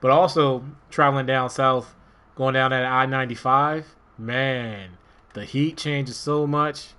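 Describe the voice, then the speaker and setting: Male streamer from Maryland, relaxed rambling play-by-play. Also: medium pitch, a little slow, clear, resonant tone. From Maryland, USA. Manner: rambling, relaxed, talks to himself while playing. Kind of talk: casual gameplay commentary.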